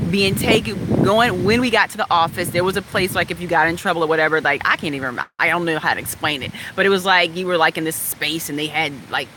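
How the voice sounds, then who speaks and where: A woman from West Virginia frankly telling a personal story in a chatty, animated way. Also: on the low side, heavy background noise. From West Virginia, USA. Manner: frank, animated, chatty, laughs now and then.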